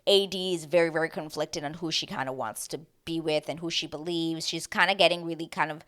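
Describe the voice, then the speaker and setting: Woman vlogger, lowish voice, casual and excitable recap host talking to camera. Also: brisk. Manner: animated, exclamatory, talks straight to viewers.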